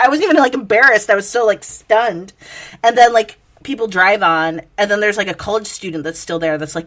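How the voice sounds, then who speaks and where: A woman's voice: fairly high pitch, fairly quick, fairly bright tone. A woman co-hosting a podcast, telling a story in casual chat with frequent laughter and swearing. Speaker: podcast co-host.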